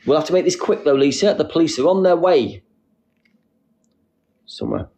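A young man hosting a casual live stream, reading out comments with a playful, silly manner and sudden squeaky jokes. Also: moderate pace, dark tone. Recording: faint background noise.

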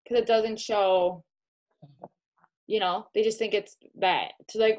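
A direct sales consultant with a Midwestern American accent chats casually while showing products in a home video demo, calling the listener "girl." Her voice is a little high and a little mellow, with fairly even intonation, a measured pace and long pauses, on a rough recording.

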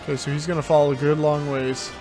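A man's voice: on the high side, level tone, quick pace, over music. A man giving casual gameplay commentary as a let's play host, thinking aloud and repeating himself as he plays.

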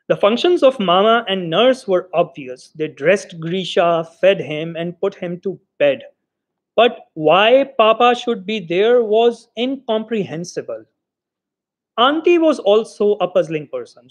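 High-voiced man reading a story aloud. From Pakistan. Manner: expressive storytelling, voices the quoted lines. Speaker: reader of short stories. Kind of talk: literary reading.

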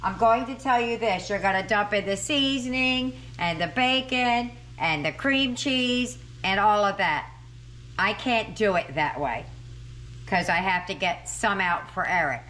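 A woman's voice: mid-range voice, a little slow, a bit bright. A middle-aged woman hosting a home cooking video, chatting and thinking aloud as she cooks. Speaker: cooking channel host. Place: home kitchen.

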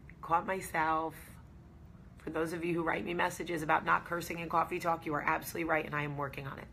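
A woman's voice: low-pitched, flat delivery, quick pace, gravelly, sharp tone, a little hiss or hum. A woman hosting a casual talk to camera, speaking in an earnest, reassuring way and repeating key phrases for emphasis. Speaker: host.

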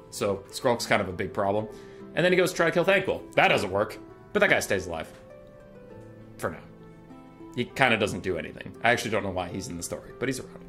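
A man's voice: mid-range voice, fairly bright tone. A young man recapping game lore in an irreverent, sarcastic, comedic way. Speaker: video creator.

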